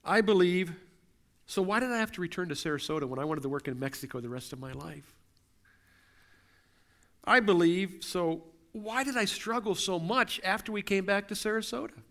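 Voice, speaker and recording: A man's voice: high voice, normal speed, fairly bright tone. A middle-aged man preaching a sermon as pastor, earnest and building through repeated questions. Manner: earnest, repetitive rhetorical questions.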